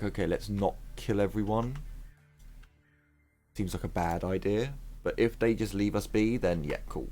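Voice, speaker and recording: Gamer guy rambling through a let's play, lowish voice, bit of music in the back. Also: a little mellow. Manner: rambling, thinking aloud, casual swearing. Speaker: gaming YouTuber.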